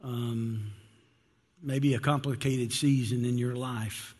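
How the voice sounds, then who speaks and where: A man's voice: medium pitch, fairly even intonation, takes it slowly, a little mellow, slightly rough. Earnest, emotional man preaching in a reverberant church. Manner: earnest, emotional, many restarts and "just". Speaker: pastor. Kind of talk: sermon with opening prayer. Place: church sanctuary.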